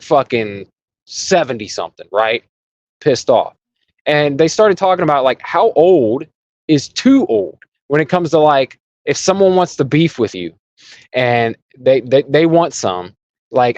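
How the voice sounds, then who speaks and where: A man chatting on a podcast, with a lively voice that swings widely in pitch. The sound is dry and a little dull, like a lo-fi recording. He throws himself into acting out other people. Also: measured pace, no room sound. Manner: animated, acts out angry people in quotes. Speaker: podcast co-host. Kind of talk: casual podcast chat.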